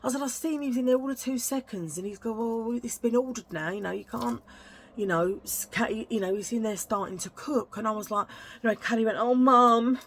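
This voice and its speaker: A woman's voice: fairly high pitch, brisk, slight background noise. A woman telling a casual story to her vlog viewers, chatty and indignant, often adding "right?". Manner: chatty, indignant, tag questions. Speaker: vlogger.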